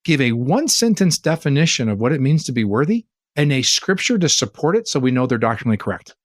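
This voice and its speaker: An earnest man from California's Bay Area recounts a story in a conversational interview. He talks in an animated way and keeps asking rhetorical questions. His mid-pitched voice sits dry and close on a podcast mic. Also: quick pace, no echo. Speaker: interview guest, church leader.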